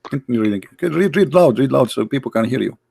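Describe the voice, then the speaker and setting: A man whose first language is Indonesian leads a live-stream debate, hammering his guest with the same challenging questions again and again. His voice is gravelly and set at a middling pitch. The mic is close and dry. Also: lively intonation, quick pace, a little mellow, no room sound. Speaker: debate host.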